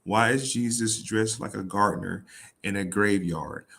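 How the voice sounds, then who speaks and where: A man's voice: on the low side, unhurried, gravelly, a bit bright. A man reading a Bible passage aloud and riffing on it in casual, irreverent talk, swearing and laughing. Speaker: host.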